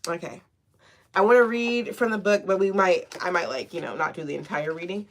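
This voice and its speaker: A woman giving a casual spiritual tarot reading, sassy and slangy with swearing and a steady stream of encouragement, often checking in with "okay?". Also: fairly low pitch, brisk. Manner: sassy, slangy and profane, with frequent "okay?" and laughs; encouraging and affirming. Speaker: tarot reader.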